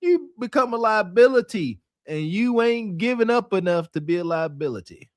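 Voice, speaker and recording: High, mocking male podcast host. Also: lively intonation, normal speed, dry recording. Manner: mocking, emphatic. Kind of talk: casual commentary.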